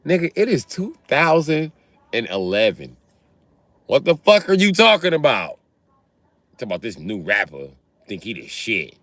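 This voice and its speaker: A man voicing his grumpy older father, who scolds him about new rappers and turns to yelling. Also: sits low, lively intonation, brisk, husky, dry recording, pitched below the performer's own voice, full character voice. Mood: irritated. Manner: exasperated scolding, rising to shouts.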